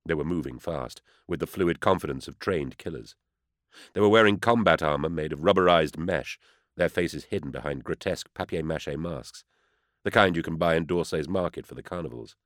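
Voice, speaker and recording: Deep-voiced man narrating an audiobook. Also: dry recording. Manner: measured, tense storytelling. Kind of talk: first-person audiobook narration. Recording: dry close studio sound.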